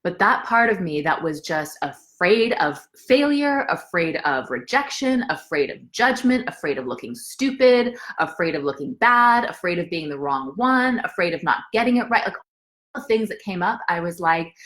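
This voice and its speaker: A woman with a fairly low voice leads a live motivational session as a coach. She talks earnestly and circles back to repeat key phrases for emphasis, greeting viewers by name as she goes. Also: expressive, moderate pace, a bit bright. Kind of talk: motivational live talk with a personal story.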